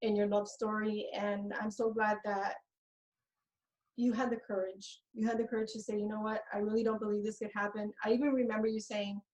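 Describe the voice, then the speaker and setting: A woman's voice: medium pitch, flat delivery, a little fast, darkish tone, low-quality recording. A woman co-hosting a live online coaching event, earnest and affectionate, near tears as she thanks a client. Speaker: co-host, love coach. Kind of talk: warm emotional live webinar talk.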